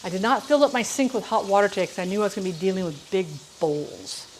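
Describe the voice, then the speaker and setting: A woman's voice: medium pitch, expressive, fast, a little mellow, a little hiss or hum. A woman hosting a chatty live cooking stream, talking viewers through each step of a recipe and chatting with them as she goes. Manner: talks viewers through each step while reading chat. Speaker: home cook streamer.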